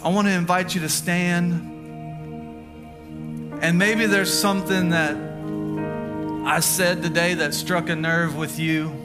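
A man in his thirties preaches a sermon, telling stories and driving points home with slow, deliberate emphasis. His voice sits a little high for a man. Music plays clearly behind him throughout. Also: little pitch movement. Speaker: pastor.

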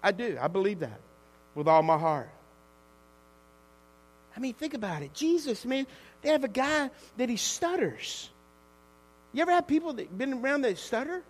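A pastor, a man with a high voice, delivers a lively sermon that swings between quiet and shouted moments. His voice rings through a large church sanctuary with a long hall reverb and a faint mains hum underneath. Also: moderate pace, pauses often. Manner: animated, swings from hushed to shouting.

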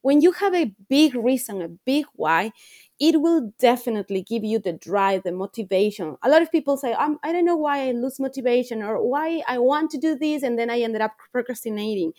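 A woman coach talks earnestly as a podcast guest. Her voice sits fairly high, and she piles up phrases to stress a point. The sound is dry and close, with no room echo. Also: lively intonation, fairly quick, a little mellow. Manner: earnest, reflective, repeats phrases for emphasis. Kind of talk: podcast interview.

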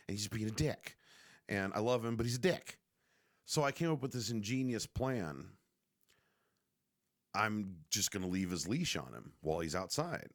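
A man with a very low, deep voice tells a rambling story in casual vlog style. His pitch swings widely as he jokes and swears his way through it, loose and unpolished. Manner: rambling, heavily profane, joking.

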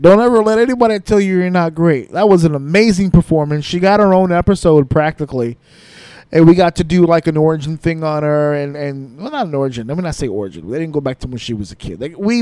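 A man's voice: on the high side, mellow, no room sound. Rambling man, close dry podcast mic. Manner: rambling, self-correcting, laughs easily. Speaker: podcast host. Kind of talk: casual solo podcast talk.

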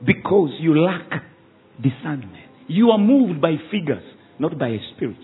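A man, a pastor preaching a sermon with call-and-response and quick rhetorical questions at a church service. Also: fairly high pitch, very animated, breathy edge. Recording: tinny phone-like sound, faint ambience.

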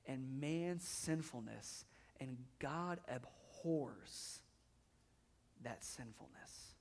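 A man's voice: mid-range voice, a little mellow. A man in his thirties preaching a sermon in a church, conversational, often repeating words as he builds up intensity. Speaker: pastor.

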